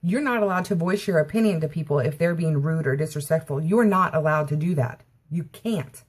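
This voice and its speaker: Woman vlogger, lowish husky voice, indignant story-time rant. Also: a little fast, darkish tone. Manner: indignant retelling, constantly quoting herself with "I said".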